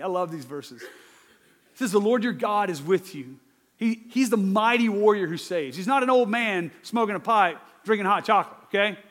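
A man, a father, preaching a sermon in a conversational, animated way, swinging from loud emphasis to hushed asides. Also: sits high, long reverb tail. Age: adult father. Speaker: pastor.

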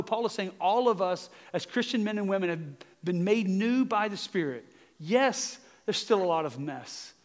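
A man with a Southern US accent preaching a sermon as pastor, earnest and emphatic, with quick self-mocking asides. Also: high-pitched. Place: church sanctuary. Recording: long hall reverb.

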